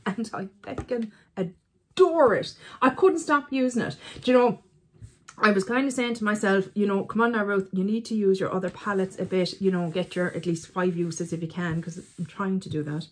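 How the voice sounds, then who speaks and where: A woman with a husky, slightly breathy voice chats her way through an eyeshadow review at home. She rambles, jokes at her own expense and talks to herself between thoughts. Her pitch sits in an ordinary middle range. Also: a little mellow. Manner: chatty, self-teasing, talks to herself. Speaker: beauty vlogger. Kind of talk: casual chat reviewing eyeshadows.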